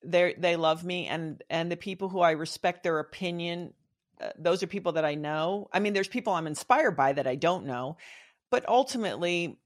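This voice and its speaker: A middle-aged woman speaking as a guest in a casual interview, reflective and earnest, often restarting her sentences. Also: on the low side.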